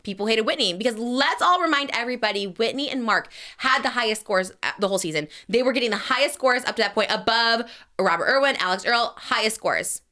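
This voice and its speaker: Fast, bright-voiced woman gossiping. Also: fairly high pitch. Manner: rapid, animated, acts out others in quoted voices. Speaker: podcast host. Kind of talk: casual gossip chat.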